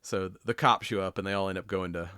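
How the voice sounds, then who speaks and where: A man's voice: low voice, fairly even intonation, fast, sharp tone, clean tone, no echo, clean studio sound. A man co-hosting a podcast, chatting casually and retelling movie scenes with lots of swearing and laughter. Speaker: podcast co-host. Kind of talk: casual chat.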